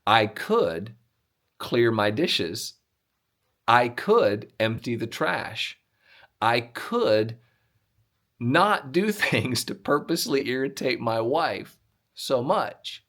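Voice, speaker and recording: A man's voice: mid-range voice, sing-song, drawn-out words, pauses often, fairly bright tone. Dry-humored man giving casual motivational talk. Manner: dry, self-mocking humor. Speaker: motivational video host.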